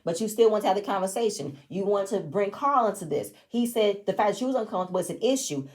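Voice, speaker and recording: A woman's voice: medium pitch, animated, fast, few pauses, darkish tone. A woman giving casual review commentary on a reality show, blunt, opinionated and often profane. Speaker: reality TV recapper.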